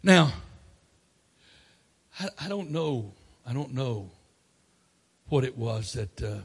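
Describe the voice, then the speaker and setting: A man preaching a sermon, swinging between loud emphatic declarations and quiet asides. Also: medium pitch, expressive, slow pace, husky.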